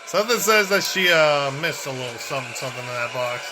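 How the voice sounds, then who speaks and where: A man's voice: mid-range voice, lively intonation, quick pace, very noisy. A man casually reacting to a comedy special, laid-back and swearing freely as he retells the jokes. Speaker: reaction video host.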